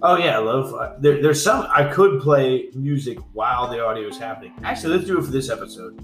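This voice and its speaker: A man's voice: mid-range voice, animated, brisk, fairly bright tone, echoey room, soft background music. A man hosting a podcast, chatting casually at home with friends and doing jokey impressions. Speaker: podcast host. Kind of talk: casual chat. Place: room in a townhouse.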